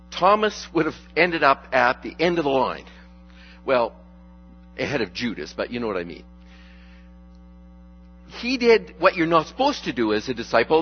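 Joking, relaxed man preaching a sermon. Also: on the high side, lo-fi sound. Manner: relaxed, joking, with frequent fillers and restarts. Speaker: pastor. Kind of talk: conversational sermon.

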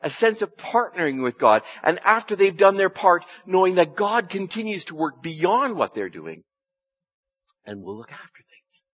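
A man's voice: high-pitched, big pitch swings, moderate pace, slightly rough. A man giving a conversational sermon as a pastor, folksy in manner and often asking the congregation rhetorical questions. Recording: dull lo-fi recording.

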